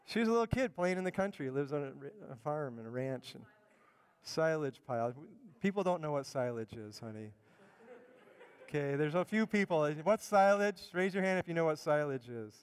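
Preaching to his congregation at normal speed, a middle-aged pastor keeps a conversational style, frequently repeating words to build up each point. His voice is a little high, expressive and clean, and the church sanctuary adds a long hall reverb.

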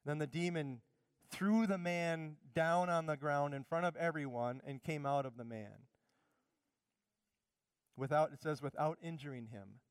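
A middle-aged male pastor preaches with fervent, emphatic conviction in a smooth, resonant voice that sits slightly high for a man. He is close and dry on the mic, with no room echo. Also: unhurried, pauses often. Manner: fervent, emphatic preaching that drops to quiet asides. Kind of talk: sermon.

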